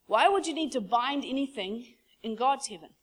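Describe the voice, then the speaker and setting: A woman's voice: high voice, animated, normal speed. A woman preacher giving a fervent sermon in a conversational, storytelling way.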